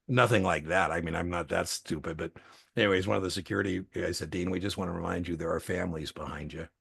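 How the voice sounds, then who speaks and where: A man's voice: sits low, fairly even intonation, fast, vocal fry, a bit bright, husky. A middle-aged man telling long, rambling anecdotes in casual chat, with many restarts and fillers. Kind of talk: casual storytelling.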